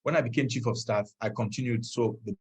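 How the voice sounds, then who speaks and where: A man's voice: medium pitch, breathy edge. A Nigerian man, a political candidate, answering questions earnestly and with feeling over a video call. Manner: earnest, measured, openly moved.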